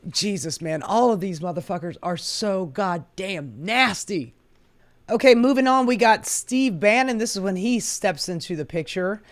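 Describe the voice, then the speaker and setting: A woman host rants through political commentary with biting sarcasm. She swears freely and mocks as she goes. Her pitch sits in the middle of the range. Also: animated, unhurried. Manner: sarcastic and profane. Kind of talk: ranting commentary.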